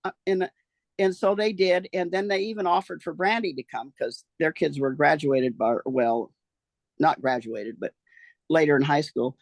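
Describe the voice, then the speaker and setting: A woman's voice: deep voice, normal speed, darkish tone, no room sound. An older woman talking casually about her life as an interviewee, in a folksy, rambling way that trails off and restarts. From American rural West. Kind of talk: casual storytelling.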